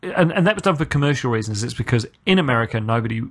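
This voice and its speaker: A podcast host delivers a casual, sarcastic spoken film review in a mid-range voice, talking very fast. Exasperated rather than calm, he stumbles and restarts as he rants, his pitch leaping up high whenever he's incredulous.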